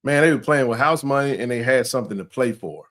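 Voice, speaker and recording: A man, talking sports on a casual co-hosted show. He is animated and colloquial. He stumbles through repeats and restarts as his thoughts run ahead. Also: mid-range voice, quick pace. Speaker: co-host.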